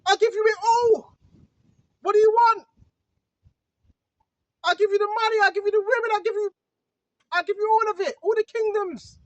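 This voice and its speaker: A man's voice: very high voice, fairly even intonation, moderate pace, pauses often, no echo, highs cut off, pitched above the performer's own voice. A man voicing the devil as a coaxing tempter who keeps offering worldly riches.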